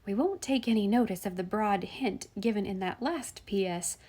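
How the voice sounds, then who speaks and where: A woman voicing a kind mother who runs a school, speaking softly and wryly. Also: mid-range voice, normal speed, natural voice. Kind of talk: audiobook reading.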